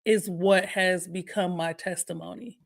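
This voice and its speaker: A woman's voice: on the low side, a little slow, gravelly. Candid laughing woman sharing testimony. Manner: lively, laughing, acts out her own prayers. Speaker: guest co-host. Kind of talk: candid talk-show testimony.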